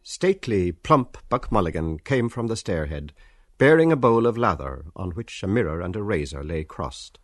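A man with a very deep, husky voice reads literary narration in a measured, deliberate way. The sound is dry and close to the mic. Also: sing-song, no echo, soft background music.

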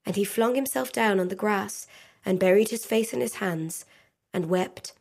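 A woman narrating a fairy tale in a gentle, measured storybook reading. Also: mid-range voice, vocal fry. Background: faint music.

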